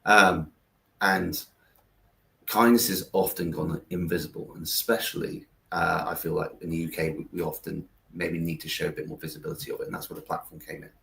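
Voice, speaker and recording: A man's voice: deep voice, little pitch movement, fairly quick, gravelly, pushed and bright, reverberant. A man, a guest telling stories in a rambling interview full of fillers and restarts over a video call. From England. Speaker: guest, founder of a kindness platform. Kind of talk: conversational interview, storytelling.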